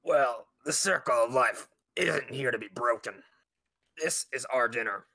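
A man's voice: medium pitch, measured pace, sharp tone. A man voicing a snarling territorial wolf. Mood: menacing.

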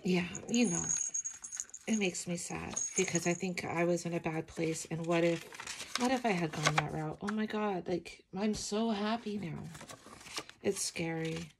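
A middle-aged woman with a sleepy morning voice, chatting softly and emotionally as she flips through her art journal, with many ums. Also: on the low side, unhurried, background noise. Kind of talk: casual flip-through chat.

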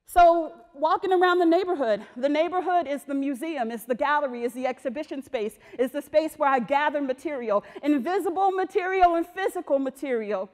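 A woman artist giving a talk, telling personal stories in a lively, slangy way. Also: high-pitched, fairly quick, hardly any pauses. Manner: lively, slangy storytelling that acts out voices. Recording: long reverb of a large hall.

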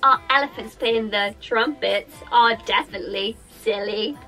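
A woman's voice: a little high, normal speed, bright, forceful tone, faint music behind. Cheerful British woman teaching small children. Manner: cheerful, sing-song, talks directly to children. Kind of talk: interactive kids' music session.

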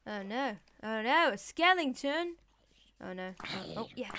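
A woman with a high, animated voice gives casual Minecraft let's-play commentary at a measured pace, chatting to mobs and villagers and swearing playfully. Background noise is audible.

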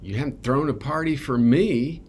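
A man's voice: mid-range voice, normal speed, a little mellow, slight background noise, pitched above the performer's own voice, natural voice. A man doing a sulking, self-righteous elder son. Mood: resentful. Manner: indignant, complaining.

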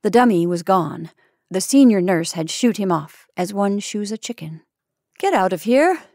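A woman's voice: mid-range voice, moderate pace, darkish tone, no echo. Woman reading a story, dry close sound. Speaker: story reader. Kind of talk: scripted narration.

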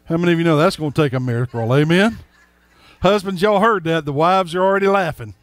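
A man's voice: a little high, quick pace, dry recording. A man preaching a sermon as a pastor, folksy and emphatic, speaking straight to his congregation.

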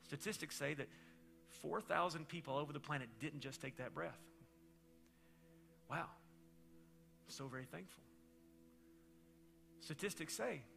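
A middle-aged man preaching a sermon as pastor, telling stories in a loose, conversational way and swinging between loud bursts and hushed moments. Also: on the high side, gravelly.

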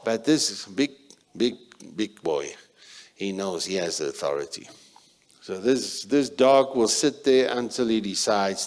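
Male pastor with a South African accent and a low voice, emphatic sermon delivery that swings from loud to hushed. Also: measured pace. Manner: emphatic preaching, sudden loud and soft shifts.

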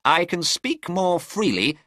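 A man's voice: high voice, big pitch swings, slow pace, bright, forceful tone, no echo, clean studio sound, pitched above the performer's own voice, full character voice. A man reading a storybook, voicing a cool, confident male detective in a raised, precise voice.

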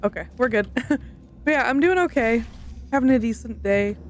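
A woman's voice: fairly high pitch, lively intonation, normal speed, a little hiss or hum. A young woman casually commenting while playing a video game, playful and chatty with the odd swear. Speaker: gaming streamer. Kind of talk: casual let's-play commentary.

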